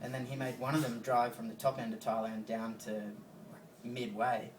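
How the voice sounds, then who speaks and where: A man's voice: mid-range voice, flat delivery, normal speed, a little hiss or hum. An Australian man doing a stand-up comedy set, rambling and crude as he tells stories. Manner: rambling, crude storytelling with swearing. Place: comedy venue stage with live audience. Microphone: phone recording from the audience. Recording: distant phone recording in echoey room.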